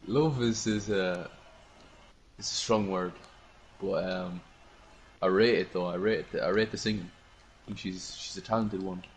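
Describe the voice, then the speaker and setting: A man's voice: deep voice, steady tone, unhurried, long pauses, a little hiss or hum. A man chatting in a laid-back way and swearing casually while reacting to clips. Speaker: co-host.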